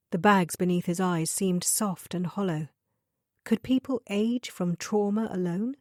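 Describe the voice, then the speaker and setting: Slow, mellow woman narrating a thriller. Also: on the low side, no room sound, clean studio sound. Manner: measured, even storytelling. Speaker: audiobook narrator. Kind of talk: scripted narration.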